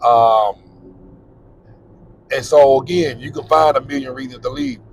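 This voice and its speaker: A man's voice: medium pitch, very animated, unhurried, vocal fry, low-quality recording. Blunt middle-aged man vlogging. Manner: candid, repetitive, plain-spoken. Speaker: vlogger on living abroad. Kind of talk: casual advice monologue while driving. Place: in a car.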